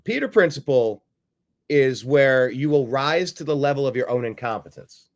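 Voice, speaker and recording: A man's voice: medium pitch, expressive, normal speed. A man hosting a political commentary show, combative and sarcastic, repeating phrases for emphasis. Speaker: host.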